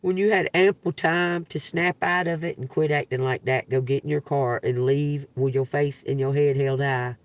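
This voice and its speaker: A woman streaming live from her phone, telling a story in an animated, emphatic and profane way. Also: sits low, moderate pace, few pauses, dry recording. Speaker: livestreaming tarot reader. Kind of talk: casual livestream storytelling.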